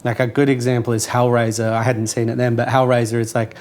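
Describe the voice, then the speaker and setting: A man's voice: medium pitch, flat delivery, fast, darkish tone, slight background noise. An Australian comedian explaining his ideas in casual chat, earnest and thoughtful.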